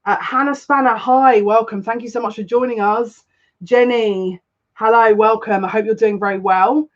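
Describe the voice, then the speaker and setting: A woman with a slightly high, steady voice speaks at normal speed while hosting a casual live stream as a psychic tarot reader. She greets viewers by name, gushing and close to tears, and the sound is a little dull and lo-fi.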